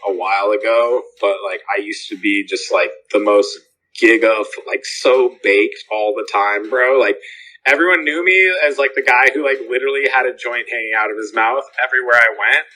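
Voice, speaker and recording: Host of a live voice chat, male, very bright tone, slangy and profane, yelps into high voices to act out quotes. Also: rough recording. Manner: slangy, swearing, acts out loud high-pitched quotes in stories. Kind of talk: casual group voice chat.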